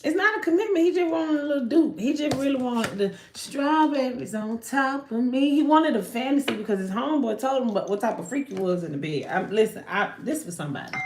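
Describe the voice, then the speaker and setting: A woman giving a live tarot reading in an animated, slangy way, swearing and often breaking off mid-sentence. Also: sits high, brisk, few pauses, reverberant, slight background noise. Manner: animated, slangy, swears, frequent self-interruptions. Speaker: tarot card reader.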